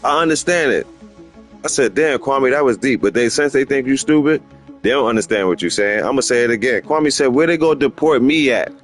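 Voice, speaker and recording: Middle-aged dude rambling on his game stream, slangy, keeps repeating himself, squeaky when he quotes folks, faint music under it. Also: a little fast. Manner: rambling and opinionated, slips into animated high-pitched quoting of others; slangy street vernacular, repeats himself for emphasis. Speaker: gaming livestream host. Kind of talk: casual livestream commentary.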